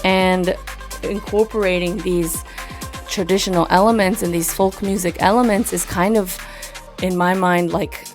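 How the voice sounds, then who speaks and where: Interview guest, young woman raised in Japan, low-set voice, chatty and animated. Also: measured pace, soft background music. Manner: animated storytelling with fillers. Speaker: musician guest. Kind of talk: casual interview chat.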